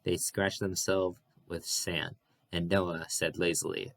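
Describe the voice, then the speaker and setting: A man reading a novel aloud at an unhurried, even pace. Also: deep voice, vocal fry, no room sound. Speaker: audiobook reader.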